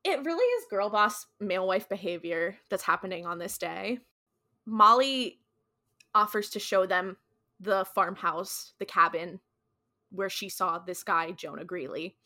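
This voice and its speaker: Woman, podcast co-host, casual recap, slangy and chatty, bright forward tone, mid pitch. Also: lively intonation, measured pace. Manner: chatty, slangy retelling full of "like".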